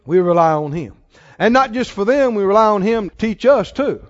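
Heard through dull, lo-fi audio and long hall reverb, this male preacher leads his congregation in call-and-response. He exhorts them with rising rhetorical questions, his high-sitting voice animated and his pace moderate.

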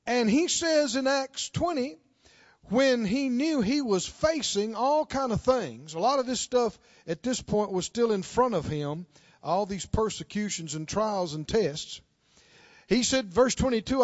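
A male preacher delivering a sermon, prodding the congregation with questions and swinging between shouts and hushed storytelling. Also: very high voice, very animated, measured pace, no room sound, highs cut off.

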